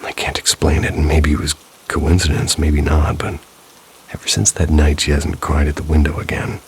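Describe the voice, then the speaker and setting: Very deep, gravelly male storyteller. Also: flat delivery, normal speed, a little hiss or hum. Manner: dry, wry asides. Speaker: storyteller reading viewer stories. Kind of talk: scripted narration.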